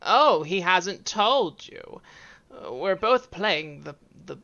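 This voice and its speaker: Pompous bragging rival guy, game master putting him on, bright lively voice. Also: sits high, slow pace, dull audio, voice pushed up, full character voice. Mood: smug. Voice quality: pompous, boastful. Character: pompous self-important male rival fighter.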